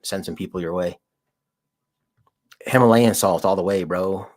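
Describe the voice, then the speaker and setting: A man's voice: deep voice, a little slow. A man hosting a livestream, chatting casually with viewers in a rambling, slangy way, full of "dude" and "like". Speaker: livestream host and auditor. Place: lives in Colorado.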